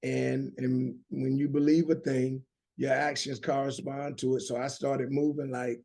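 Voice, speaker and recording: A middle-aged man from the United States, drawling in a Southern accent, earnestly shares his story on an interview show and keeps restarting. His mid-range voice is creaky and dark, steady in tone, and a little slow.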